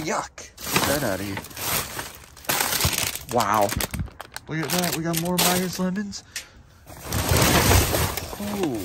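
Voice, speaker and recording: A man vlogging as he sorts through a dumpster, talking casually to the camera in an excited voice that often drops to a half-whisper. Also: on the high side. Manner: animated, exclaiming often, breaks into laughs. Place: outdoors at a store dumpster. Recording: loud background noise and clattering.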